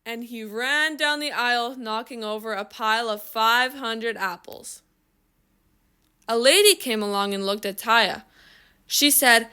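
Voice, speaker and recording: A woman reading a children's story aloud in a slow, expressive storytelling manner. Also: on the high side, smooth. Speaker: reader.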